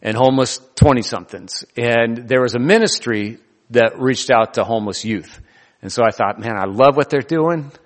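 A man's voice: mid-range voice, moderate pace, in a large hall. A man preaching a sermon in a loose, conversational way, joking and laughing between his points. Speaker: pastor.

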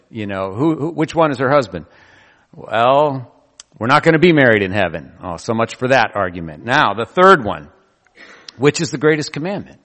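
A man preaching a sermon as pastor, telling stories in an animated way and acting out quoted voices. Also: mid-range voice, big-room sound.

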